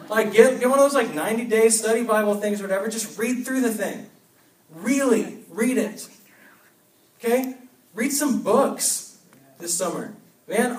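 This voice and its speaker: A young man giving an energetic youth sermon, urging with short repeated commands. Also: sits high. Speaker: youth pastor. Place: church hall. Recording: echoey hall, mic from a distance.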